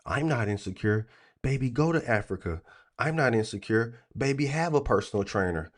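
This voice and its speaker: A man mimicking an overly trusting boyfriend in a higher, falsely reassuring sing-song. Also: expressive, normal speed, lightly acted. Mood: mock-reassuring.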